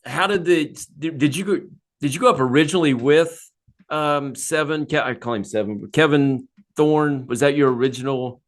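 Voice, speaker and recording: A man's voice: fairly high pitch, normal speed. A man co-hosting an interview, reacting eagerly and laughing often. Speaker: co-host, interviewer. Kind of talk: casual interview.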